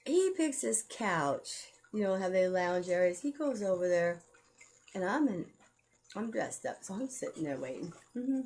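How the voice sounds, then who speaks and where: A woman's voice: mid-range voice, sing-song, moderate pace, a little mellow. A woman telling a rambling personal story to camera, blunt and profane, heated as she goes.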